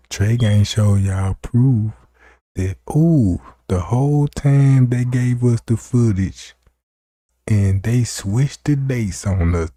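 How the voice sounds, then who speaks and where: Man, livestream host, slow drawl, warm dark tone, hyped and chatty. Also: medium pitch, no room sound. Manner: hyped, chatty, addresses viewers directly. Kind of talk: casual livestream commentary.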